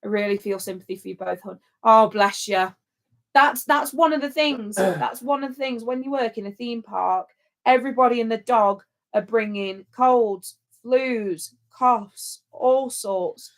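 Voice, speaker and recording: A woman's voice: on the high side, a little slow. A woman co-hosting a livestream in casual, rambling chat. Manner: chatty and rambling. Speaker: livestream co-host.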